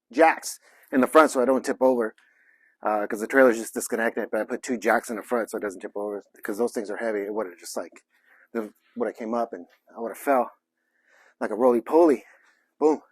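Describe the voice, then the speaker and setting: A man's voice: mid-range voice, no room sound. Breathless chatty man vlogging outdoors. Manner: chatty, rambling, self-joking. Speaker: vlogger, small shop owner. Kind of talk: casual vlog chat while working. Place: outdoors by a trailer and yard.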